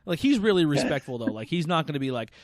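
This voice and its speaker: A man's voice: a little high, big pitch swings, fast. A man hosting a podcast, telling rambling stories full of swearing. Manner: profane, rambling storyteller. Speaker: podcast host. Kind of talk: casual chat.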